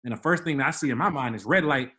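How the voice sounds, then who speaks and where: Racing along in a mid-range voice, a young man from the Washington DC area, Maryland, tells a story as a podcast co-host in casual chat. He's animated, performing the quoted voices of the people involved.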